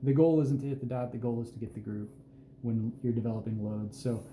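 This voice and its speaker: A man giving an unhurried, plain-spoken walkthrough at an indoor reloading bench, with self-deprecating asides. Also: mid-range voice, steady tone, warm tone, slight background noise. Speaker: host showing his hand loads. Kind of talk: casual hands-on explanation. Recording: roomy echo with faint ambience.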